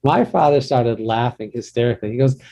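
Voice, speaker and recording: A man's voice: mid-range voice, fairly quick, mellow, highs cut off. A middle-aged man, a marriage counselor, giving a conversational workshop talk to a group and often laughing and calling on participants.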